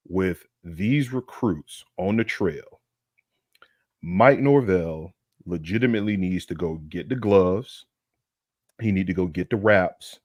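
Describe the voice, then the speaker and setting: A man's voice: sits low, no room sound, clean studio sound. Brash, profane man ranting. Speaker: co-host. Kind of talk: casual sports talk livestream.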